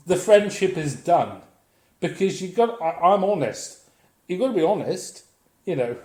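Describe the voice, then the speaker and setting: A man with a slightly high voice rants bluntly, full of swearing and sardonic asides. He sounds like he is talking in a bare, echoey room. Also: darkish tone. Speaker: vlogger. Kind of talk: profane comic rant.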